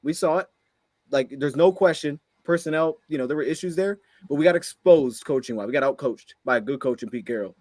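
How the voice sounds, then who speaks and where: A man's voice: on the high side, a little fast, darkish tone, no echo. A man co-hosting a sports podcast, ranting heatedly after a game and firing off frustrated rhetorical questions. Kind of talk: heated post-game rant.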